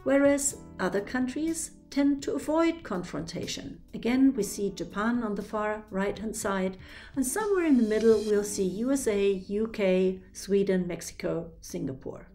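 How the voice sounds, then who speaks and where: Speaking with a German accent, this woman from Germany works as a trainer and lays out ideas step by step, clearly and methodically, using examples. The lecture is delivered in an expressive, medium-pitched voice with a dark tone and moderate pace, over faint background music.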